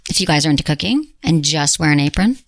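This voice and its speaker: A woman's voice: deep voice, lively intonation, fast, no room sound. A middle-aged woman hosting a podcast, giving frank and upbeat advice in casual chat. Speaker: podcast host.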